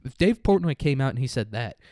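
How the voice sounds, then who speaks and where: A man's voice: medium pitch, big pitch swings, a little fast, mellow, no echo. A man hosting a casual commentary podcast, ranting with profane sarcasm and laughing at his own jokes. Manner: profane, sarcastic, mocking mimicry.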